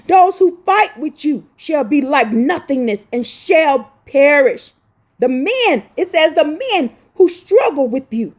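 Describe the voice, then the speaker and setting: A woman with a high voice delivers a fervent sermon, reading scripture aloud between her own words. She scolds her listeners, repeats phrases over and over, and cries out. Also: very animated, slow pace, darkish tone. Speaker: preacher. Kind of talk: impassioned street-style sermon with scripture reading.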